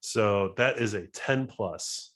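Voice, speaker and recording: Low-voiced man describing his character's move. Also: slow pace, fairly bright tone. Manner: rambling, filler-heavy. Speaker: player. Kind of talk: casual tabletop play.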